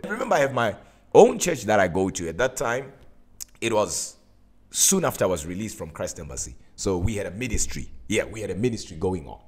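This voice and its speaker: A man, a minister, telling a personal story to his viewers in an animated, emphatic way. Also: on the low side, slightly rough.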